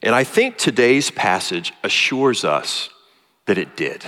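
Male pastor, low voice, earnest halting sermon delivery, long hall reverb. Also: sing-song, a bit bright. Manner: earnest, halting with many fillers. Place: church sanctuary.

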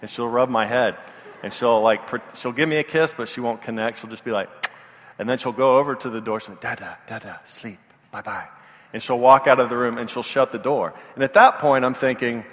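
A man's voice: medium pitch, steady tone, brisk, a bit bright, in a large hall. A male pastor giving a sermon, telling stories in a self-deprecating, earnest way.

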